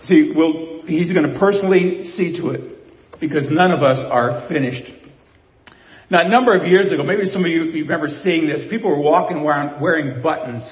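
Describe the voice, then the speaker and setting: A man's voice: fairly high pitch, moderate pace. Older male pastor preaching in an echoey church. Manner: conversational preaching with rhetorical questions to the congregation. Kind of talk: sermon. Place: church sanctuary. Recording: echoey church hall, slightly dull.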